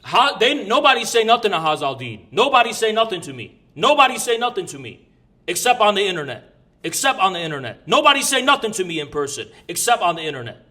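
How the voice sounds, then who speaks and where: A man's voice: high voice, very animated, fast talker, sharp tone. A man telling a story in casual chat, brash and profane, rambling with restarts. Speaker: podcast guest recounting an event.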